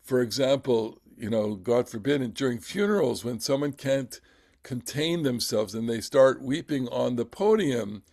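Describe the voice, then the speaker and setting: A man leading a text study class, reading aloud and commenting in a theatrical way with many halting restarts. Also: mid-range voice, a little mellow, no room sound, studio quality. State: emotional, voice catching. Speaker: Torah class teacher.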